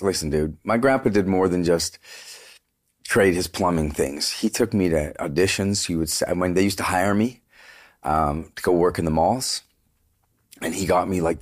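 A man with a very low, deep speaking voice talks casually in an interview. He is a singer telling animated stories and drops plenty of "like" and "dude" along the way, with the odd swear word. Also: normal speed. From Canada. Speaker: guest singer.

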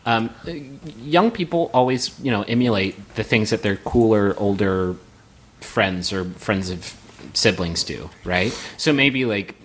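A man's voice: lowish voice, expressive, a little slow, slightly rough. A man co-hosting a casual comedy podcast, joking crudely with friends. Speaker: podcast co-host.

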